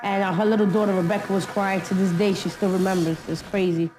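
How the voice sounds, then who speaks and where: A woman's voice: medium pitch, little pitch movement, fast talker, background noise. A woman retelling hard memories in a candid documentary interview, blunt and full of street slang.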